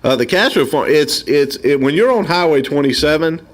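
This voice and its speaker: A man as a guest on a radio talk show, talking casually and haltingly, often repeating words as he goes. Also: fairly high pitch, lively intonation. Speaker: studio guest promoting a local event.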